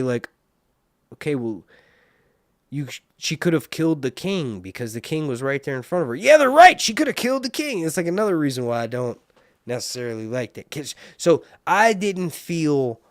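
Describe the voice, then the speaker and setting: A man's voice: medium pitch, dry recording, studio quality. A man hosting a casual live stream, rambling and joking while he reads viewer comments. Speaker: live stream host reviewing a TV series.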